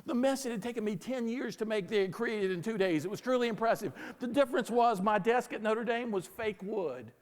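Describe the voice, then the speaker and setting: A man with a Southern American accent telling a lively story to an audience, acting out the dialogue as he goes. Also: sits high, brisk, few pauses, in a large hall. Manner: animated, plays out dialogue in the story. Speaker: speaker. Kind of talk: storytelling keynote talk.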